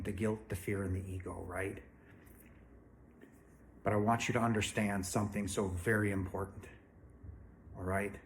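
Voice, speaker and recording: A man with a low voice speaks straight to his viewers about spiritual matters. He is blunt and emphatic, with no-nonsense conviction. A faint room hum sits under his voice. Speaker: spiritual channel host. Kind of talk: direct-to-camera spiritual talk. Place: home, indoors.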